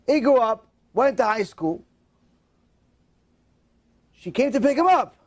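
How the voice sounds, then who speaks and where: A highly expressive man delivers a moral tale as a sermon, his higher voice swooping widely. He acts out each character with strong emotion. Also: slow pace. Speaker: religious storyteller. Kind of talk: storytelling sermon.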